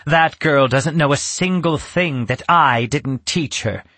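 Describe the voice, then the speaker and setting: A man voicing a stern, suspicious female witch in a storybook reading, speaking slowly and with menace. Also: fairly high pitch, fairly bright tone, dry recording, voice pushed up. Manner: menacing, slow and drawn-out.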